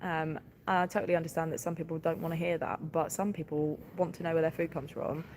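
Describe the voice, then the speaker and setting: A woman's voice: low voice, little pitch movement, quick pace, darkish tone, slight background noise. A tired woman, a livestock farmer chatting casually on a live stream, giggling often and filling gaps with ums. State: tired, short on sleep.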